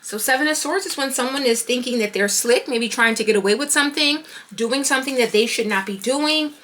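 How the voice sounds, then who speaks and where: High bright woman doing a tarot reading, talks to herself over the cards, bit of hiss behind. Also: a little fast. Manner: animated, talking to herself while pulling cards. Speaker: tarot reader.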